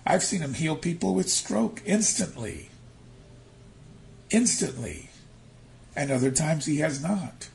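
A man preaching a sermon, telling stories with animated, shifting emphasis, from near-whispers to loud stresses. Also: fairly high pitch, takes it slowly, creaky, pauses often, slight background noise. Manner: animated storytelling, acting out quotes.

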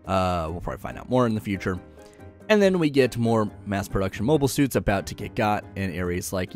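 A man's voice: fairly low pitch, very animated, brisk, soft background music. A man giving a casual episode recap, joking, slangy and full of sarcastic asides. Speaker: anime recap host.

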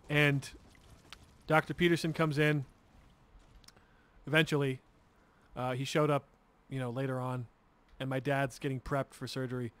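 A man's voice: on the high side, a bit bright, no room sound. A man telling a long story while playing a game, rambling and swearing freely with lots of restarts. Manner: rambling, profane, restarts a lot. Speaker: gamer streamer.

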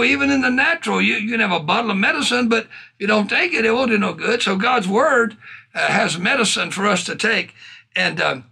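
A man preaching a sermon with fervor, reading scripture slowly, laughing often and calling out hallelujah and praise God. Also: sits high, gravelly, pushed and bright, slightly rough.

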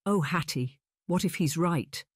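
A woman's voice: lowish voice, a little slow, no echo, studio quality. A woman narrator voicing a tearful, emotional young woman who wails and pleads, in an audiobook reading. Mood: distraught. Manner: wailing, pleading.

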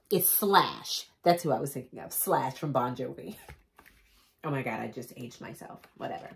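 A woman's voice: low-pitched, normal speed. A woman vlogger reading a picture book aloud with chatty, joking asides. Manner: animated, chatty asides, laughs at own jokes.

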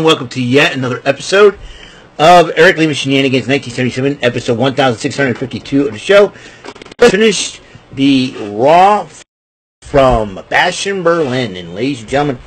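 A man hosting a wrestling recap show, rambling casually with joking asides and a husky voice. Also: medium pitch, animated, fairly quick, a bit bright.

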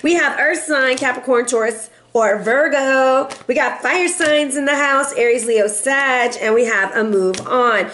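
A woman's voice: high-pitched, unhurried, few pauses, fairly bright tone, slight background noise. A woman doing a casual tarot reading in a sassy, playful way, laughing often and teasing her viewers. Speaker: tarot reader.

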